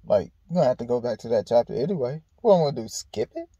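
A man's voice: mid-range voice, sing-song, quick pace, mellow, slightly rough, no echo, highs cut off. A man hosting his own vlog, talking in a laid-back, candid way outdoors in a park, swearing freely and restarting his sentences as he reflects. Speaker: vlog host. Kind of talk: casual reflective monologue.

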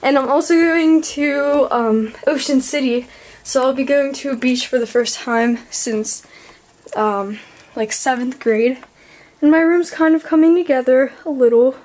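A teenage girl in her bedroom, chatting to her camera in a rambling, excitable vlog while out of breath. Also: high-pitched, a little slow. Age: teens. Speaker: vlogger. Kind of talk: casual vlog chat.

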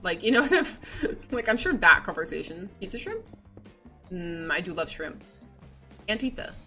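A woman's voice: fairly low pitch, big pitch swings, unhurried, sharp tone, faint music behind. A woman streamer chatting casually and playfully with her viewers, giggling often and reading chat aloud.

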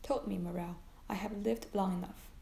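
A woman voicing a brooding aristocratic nobleman, reading his lines in a measured, grave way. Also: mid-range voice, fairly even intonation, vocal fry, warm tone, echoey room, lightly acted.

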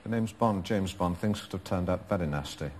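A man's voice: deep voice, a little fast, very noisy, pitched below the performer's own voice, close to an everyday voice. A man impersonating a suave secret agent. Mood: menacing. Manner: mimicking film actors' deliveries one after another. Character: suave male secret agent, impressions of film actors. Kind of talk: comic celebrity impressions. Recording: studio audience behind.

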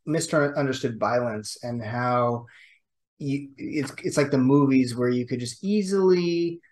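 A man with a mid-range voice co-hosts a podcast in casual chat. He talks in an animated way and acts out the examples he describes. He is easy to follow. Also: mid-range voice, a little slow.

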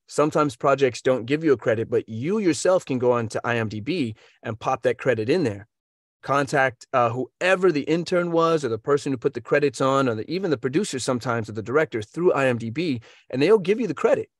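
Energetic coach from the US, mid-pitched man, dry close recording, tosses in playful sound effects. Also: brisk, dry recording. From United States. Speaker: voiceover coach. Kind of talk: casual advice.

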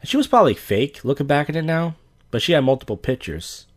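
A man's voice: a little high, big pitch swings, fast talker. A man hosting a podcast, telling stories in a blunt, profane casual rant and acting out dialogue. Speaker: podcast host.

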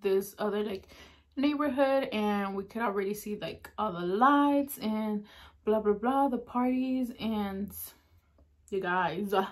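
A woman hosting an eating show, telling a spooky story in a casual, chatty way, using "like" constantly and dropping to a hush at the eerie parts. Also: mid-range voice, slow. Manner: chatty, heavy use of "like" fillers; drops to a hushed tone at eerie moments. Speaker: mukbang host.

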